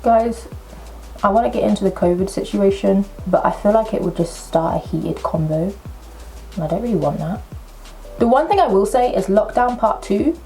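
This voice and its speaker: A young woman, chatting her way through a makeup tutorial at home with excitable, self-mocking asides. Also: mid-range voice, moderate pace, soft background music. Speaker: makeup vlogger. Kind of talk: casual makeup tutorial chat. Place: at home at a table.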